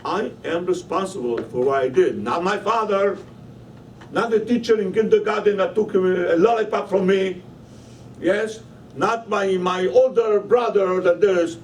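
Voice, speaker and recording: High-voiced rabbi teaching from afar. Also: male voice, measured pace. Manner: emphatic, questioning the listeners. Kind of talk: Torah lesson. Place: study hall. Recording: voice from a distance, faint room noise.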